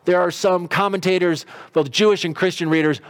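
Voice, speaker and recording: A man's voice: high-pitched, steady tone, fairly quick. A middle-aged man preaching a sermon in a conversational storytelling way, briefly acting out quotes. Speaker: pastor.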